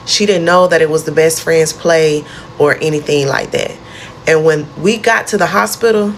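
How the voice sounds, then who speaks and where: A woman narrating a personal storytime, animated and dramatic, acting out the quoted outbursts. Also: low voice, a little hiss or hum.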